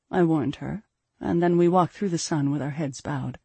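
Female narrator, first-person fantasy, breathy and measured, dry. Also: sits low, dry recording. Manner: measured, steady storytelling. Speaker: audiobook narrator.

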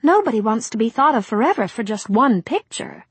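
A woman's voice: on the high side, very animated, a little fast, breathy edge, no echo, heavily acted. A woman voicing a poised, polite young actress with a composed manner.

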